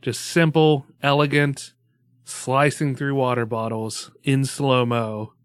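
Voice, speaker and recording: A man's voice: mid-range voice, flat delivery, takes it slowly, smooth, no room sound, studio quality. A laid-back man co-hosting a gaming podcast, chatting casually and swearing freely. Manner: laid-back, swears often, laughs easily. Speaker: podcast co-host. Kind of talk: casual chat.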